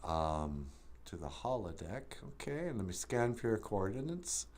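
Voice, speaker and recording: A performer voicing a calm, obliging cartoon ship computer who speaks in an unhurried way. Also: low-pitched, a little hiss or hum, voice pushed down.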